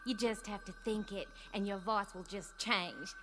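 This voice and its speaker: A woman's voice: mid-range voice, moderate pace, fairly bright tone, soft background music, natural voice. A woman voicing a breezy female afterlife official with a folksy twang and a playful, teasing manner. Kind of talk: audiobook character voice.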